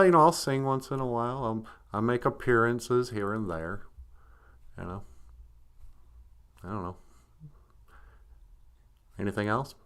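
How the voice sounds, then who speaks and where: A man's voice: mid-range voice, a bit bright, clean tone, pitched below the performer's own voice, natural voice. A man voicing a serious, polite male dog with a Southern US accent, who stammers and defers to the host.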